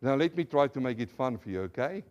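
A man's voice: mid-range voice, animated, fast talker, a little mellow, highs cut off. A male pastor giving a sermon to a congregation, leading call-and-response and explaining word meanings step by step with rhetorical questions. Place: church service before a congregation.

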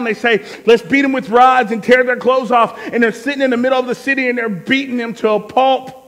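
High-voiced pastor preaching in a hall. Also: male voice. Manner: storytelling, swings from loud to hushed. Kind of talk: sermon. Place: church sanctuary.

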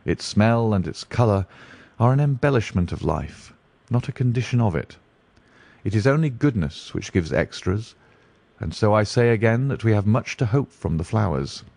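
A brilliant, dreamy detective who weighs every word. A male reader plays him close to his own low voice. Deliberate, musing delivery, with a dry, close sound. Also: lively intonation, creaky, darkish tone, no room sound.

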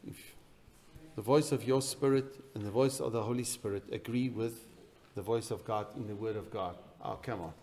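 A man preaching a sermon in a church, swinging between loud emphatic bursts and quiet, intense passages. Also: fairly low pitch, moderate pace. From South Africa. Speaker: pastor.

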